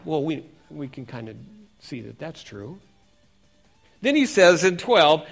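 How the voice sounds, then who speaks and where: Man, pastor, high-pitched, lively preaching, questions to the congregation. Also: a little slow. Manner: animated, asks the congregation questions. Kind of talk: sermon.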